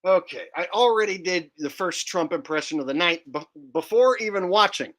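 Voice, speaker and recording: A man's voice: high voice, expressive, normal speed, fairly bright tone. A man hosting a joking live stream commentary, chatting directly to his viewers. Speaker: streamer and host.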